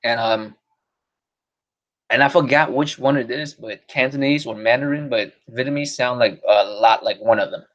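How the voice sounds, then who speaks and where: A man's voice: medium pitch, normal speed, a bit bright, highs cut off. A man hosting a podcast stream, chatting casually in a rambling, profane way and laughing often. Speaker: podcast host. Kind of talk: casual solo stream chat.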